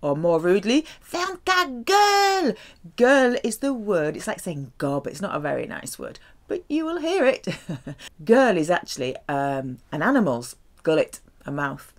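A woman teaching French, carefully saying each example and explaining its meaning. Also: low voice. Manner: slow, careful, lively delivery with drawn-out French examples. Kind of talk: language lesson.

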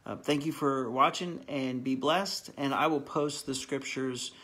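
A man's voice: medium pitch, bright, forceful tone. A pastor leading a live online Bible study in an earnest, encouraging, heartfelt way, often stopping and restarting his sentences. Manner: halting with frequent restarts.

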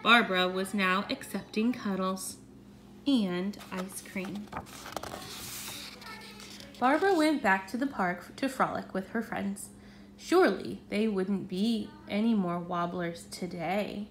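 A woman reading a children's storybook aloud in an expressive, animated way. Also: medium pitch, slow, slight background noise.

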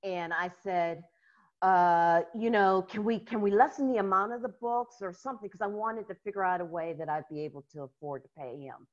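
An American woman, a guest in a casual interview, telling stories in an animated way and laughing often. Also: medium pitch, brisk, dull audio. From United States.

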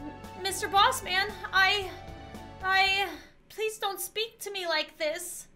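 A woman's voice: slow pace, pushed and bright, soft background music, heavily acted. Woman playing a meek, pleading young office worker. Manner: meek, pleading, high-strung. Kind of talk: game dialogue read aloud.

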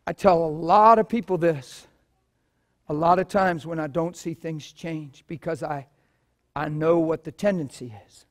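A man preaching a sermon in a church, telling stories in an animated way and swinging from quiet talk to loud bursts. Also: a little high, unhurried.

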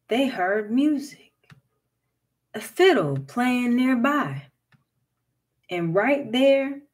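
A woman reading a folktale aloud in a measured, expressive storytelling manner. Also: on the high side.

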